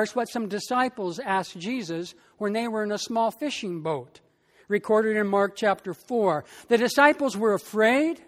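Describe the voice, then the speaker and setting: A pastor preaching a sermon in a slow, emphatic way, with long pauses between phrases. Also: medium pitch, expressive, big-room sound.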